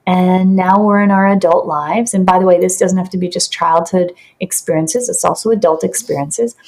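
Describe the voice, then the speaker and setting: A woman guest on a podcast, calmly explaining in an earnest, teaching way with vivid examples. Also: mid-range voice. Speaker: podcast guest, somatic practitioner.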